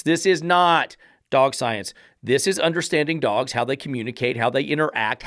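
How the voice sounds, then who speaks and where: A man's voice: medium pitch, no echo. Blunt, sarcastic man with a dry sound. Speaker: dog trainer hosting a podcast. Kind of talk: commentary reacting to a read-out text.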